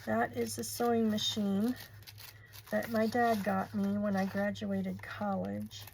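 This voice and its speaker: Slow-talking gravelly older woman crafting. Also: medium pitch, monotone, darkish tone, slight background noise, low-quality recording. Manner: chatty, gushing over pretty materials. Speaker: crafting channel host. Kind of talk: casual crafting tutorial chat.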